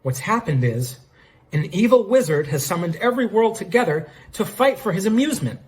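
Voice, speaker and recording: A man's voice: on the high side, sing-song, moderate pace, darkish tone, pitched above the performer's own voice. A man voicing an earnest, overeager male lawyer in a raised voice.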